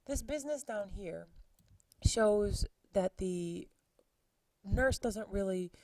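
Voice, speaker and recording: A woman's voice: mid-range voice, slow pace, darkish tone, no room sound, far from the mic, low-quality recording. A woman teacher casually retelling a play scene, chatty with exclaimed asides to her students. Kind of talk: casual lesson summarizing a play.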